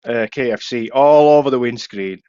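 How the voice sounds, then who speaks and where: A man's voice: mid-range voice, normal speed, muffled recording, slight background noise. A young Yorkshire man, a podcast co-host, telling a casual story and swearing freely. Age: young adult. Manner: swears freely, lively anecdotes.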